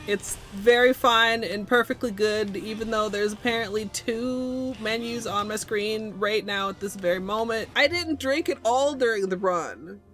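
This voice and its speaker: A woman's voice: fairly high pitch, a little slow, few pauses, a bit bright, faint music behind. A woman livestreamer in casual, crude, self-mocking chat that rambles from one joke to the next. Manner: crude joking banter.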